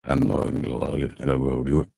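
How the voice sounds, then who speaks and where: A man's voice: little pitch movement, fairly quick, creaky, dark tone, dry recording, full character voice. A man whose voice runs through a voice-changer filter while he tests his stream setup and asks if it sounds better. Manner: fiddling with his sound setup, asking if it works. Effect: voice-changer filter making the voice very deep.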